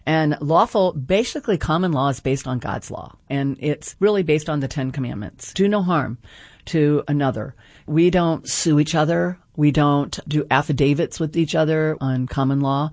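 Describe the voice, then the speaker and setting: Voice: medium pitch, normal speed, darkish tone, no echo. A radio guest and group organizer explaining ideas earnestly, often checking in with the listener. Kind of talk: explanatory radio interview talk.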